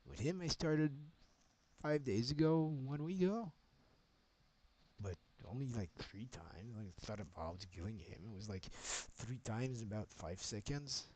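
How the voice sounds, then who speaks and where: A man's voice: mid-range voice, animated, unhurried, mellow, low-quality recording. A man streaming, talking in a rambling, agitated monologue with a lot of swearing.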